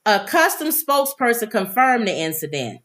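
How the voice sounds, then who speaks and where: A woman co-hosts a casual talk show, reading celebrity news items aloud. Her voice sits a little high and moves a lot. She keeps stopping to joke and throw in voices. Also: very animated, moderate pace, fairly bright tone.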